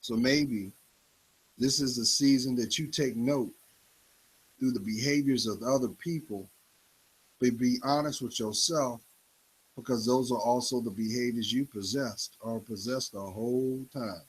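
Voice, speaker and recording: A man giving an emphatic motivational talk in a preachy style, swinging his pitch up and down for effect. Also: measured pace, husky, poor audio. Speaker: motivational speaker.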